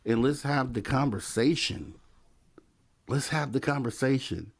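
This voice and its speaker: A man's voice: medium pitch, measured pace, vocal fry. Laid-back male talk show host. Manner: laid-back, repeats himself. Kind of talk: late-night call-in talk show.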